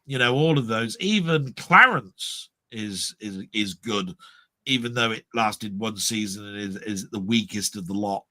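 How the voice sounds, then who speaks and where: A somewhat low, slightly slow voice belongs to this middle-aged English podcast co-host, who meanders through casual discussion of old comedy. Animated impressions of comedians pop up throughout, picked up by a live stream mic with no echo.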